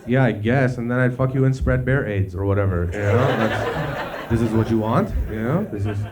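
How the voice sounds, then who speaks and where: A Canadian man does a stand-up set on a comedy club stage, talking at a moderate pace in a medium-pitched voice. He keeps it loose and conversational, leaning on "you know" between lines. The live club recording carries heavy background noise and audience laughter.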